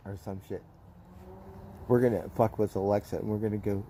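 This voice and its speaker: A man's voice: fairly low pitch, animated, normal speed, pauses often, background noise. A man hosting a casual livestream, rambling playfully and tagging his lines with "right?". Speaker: livestream host. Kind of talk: casual live-stream chat.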